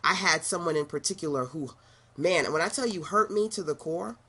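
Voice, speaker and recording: A woman's voice: sits low, a little fast, fairly bright tone, slightly rough. A middle-aged woman from Brooklyn giving a motivational monologue as an online business coach, emphatic and repetitive, with laughing asides. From Brooklyn, New York.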